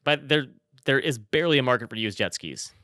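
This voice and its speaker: A man with a bright, forceful voice, talking fast in casual podcast chat. He drops quick, dry remarks, and his voice is recorded close, with no room sound. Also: mid-range voice, lively intonation, no room sound. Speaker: podcast co-host.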